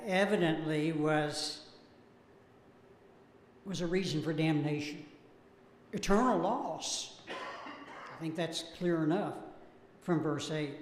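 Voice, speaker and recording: Speaking unhurriedly in an echoing church auditorium, this man leads a Bible class and cites verses in a slow, deliberate way. His voice sits slightly higher, and there's a faint hum of room noise.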